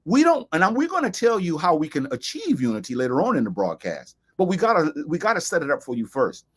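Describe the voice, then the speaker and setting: A man hosts a talk broadcast with the cadence of a preacher, stacking repeated phrases for emphasis. His voice sits a little high and swings widely in pitch, the delivery animated throughout. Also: quick pace, slightly rough. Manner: emphatic, quotes sayings, repeats phrases for stress. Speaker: host. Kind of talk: preaching-style talk show commentary.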